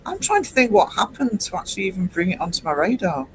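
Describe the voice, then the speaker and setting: English man, fifties, higher-pitched voice, meandering livestream chat, faint background hum. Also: wildly swooping pitch, quick pace, rough recording. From England. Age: 50s. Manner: rambling, hesitant, many ums. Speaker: livestream host. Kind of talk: casual late-night chat.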